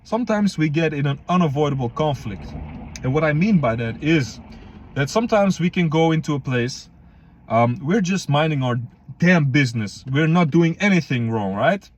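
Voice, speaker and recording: A man's voice: a little high, expressive, moderate pace, highs cut off, slight background noise. A young man casually talking to viewers as a fitness vlogger, slangy and loose, calling them guys and bro. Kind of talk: casual advice vlog.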